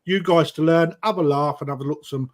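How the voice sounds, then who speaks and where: A fast-talking middle-aged Brit with a voice slightly higher than the average man's hosts a koi auction streamed live. He keeps the banter friendly and matey, calling out bids and how much time is left.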